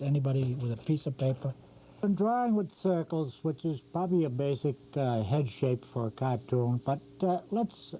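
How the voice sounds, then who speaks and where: Older man, cartoon drawing teacher, chatty and meandering, muffled old TV sound, light background hum. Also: on the high side. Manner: rambling, talks while drawing, self-correcting. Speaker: drawing instructor. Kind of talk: casual drawing demonstration. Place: local TV studio. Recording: dull lo-fi 1990s community TV audio with faint hum.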